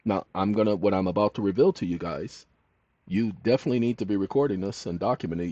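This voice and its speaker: A man's voice: fairly low pitch, fast, no room sound. Emphatic man on a dull dry recording. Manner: emphatic, swings from loud to hushed. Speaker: channel host. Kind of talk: monologue to viewers.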